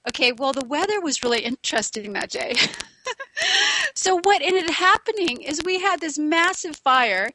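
A woman's voice: high voice, a little hiss or hum, rough recording. A woman from Los Angeles telling a funny personal story in casual talk, laughing often and acting out what people said. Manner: animated, laughs often, acts out quotes. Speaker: storyteller guest.

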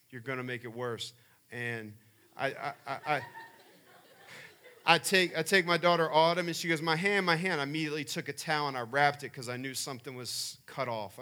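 Male pastor, middle-aged, bright tone, animated storytelling sermon, loud emphatic peaks. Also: mid-range voice. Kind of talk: sermon with personal stories.

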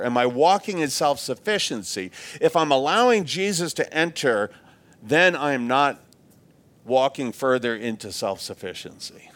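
A man's voice: mid-range voice, fairly bright tone. A man preaching a sermon in an earnest, reflective way, often repeating words as he restarts.

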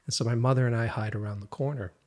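A man's voice: mid-range voice, fairly even intonation, quick pace, darkish tone. A man, a horror film director, telling a childhood story in a casual chat and laughing through the funny parts.

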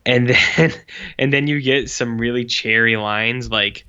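A man's voice: mid-range voice, steady tone, measured pace, bright, forceful tone, smooth, lo-fi sound. A man casually chatting as a podcast co-host, rambling and sarcastic with lots of "like". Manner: rambling, sarcastic, heavy use of "like". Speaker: podcast co-host reviewing short films. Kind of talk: casual chat.

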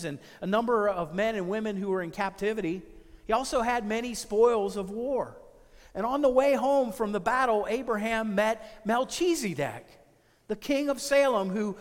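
A male pastor with a high voice delivers a sermon in a church sanctuary. He speaks in measured phrases and lets words stretch out, and a long reverb trails each line. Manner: measured preaching with drawn-out phrases.

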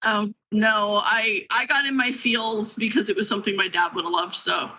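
A woman's voice: mid-range voice, fairly even intonation, moderate pace, pushed and bright, a little hiss or hum, poor audio. A woman from Canada, co-hosting a casual gaming podcast, speaking bluntly and laughing often. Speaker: podcast co-host. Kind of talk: casual gaming news chat.

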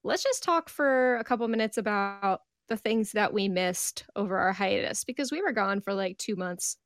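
A woman from Pennsylvania co-hosting a podcast, steering the talk in a brisk, matter-of-fact way. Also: medium pitch, vocal fry, no echo, studio quality. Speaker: podcast co-host. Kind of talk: casual chat.

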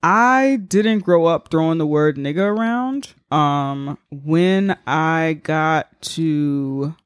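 Podcast co-host, playful and joking, riffing, middle pitch, dry close mic. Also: slow pace, smooth, dry recording. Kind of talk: casual podcast chat.

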